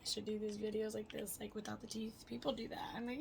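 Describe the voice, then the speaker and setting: A woman's voice: medium pitch, level tone, fast talker, vocal fry, background noise. A young adult woman vlogging casually, rambling with lots of fillers and frequent swearing. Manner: chatty, swears freely, rambling with many fillers. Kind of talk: casual personal vlog.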